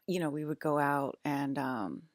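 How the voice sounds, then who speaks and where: A woman in her forties speaks in a very deep, low register, drifting through a loose, filler-heavy monologue. The sound is dry and close, with no room around her. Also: a little slow, dry recording. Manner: meandering, many fillers and restarts. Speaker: vlogger. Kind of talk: casual rambling monologue.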